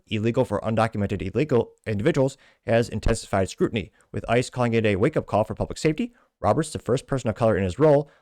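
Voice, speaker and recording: A man hosting a talk show, reading social media comments aloud with wry asides and quick self-corrections. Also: fairly low pitch, a little mellow, no echo, studio quality. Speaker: podcast host.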